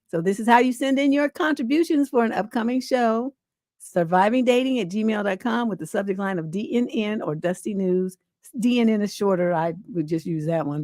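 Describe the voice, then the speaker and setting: A woman hosting a live stream laughs often, reacts loudly and quotes people in playful voices as she chats casually. Her voice is mid-range, and the recording is dry, clean studio sound.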